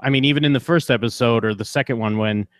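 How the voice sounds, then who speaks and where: A man's voice: mid-range voice, fast, dry recording. Casual young man on a dry mic. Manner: loose, jokey, slips into mocking character voices. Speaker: podcast co-host. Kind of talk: casual chat.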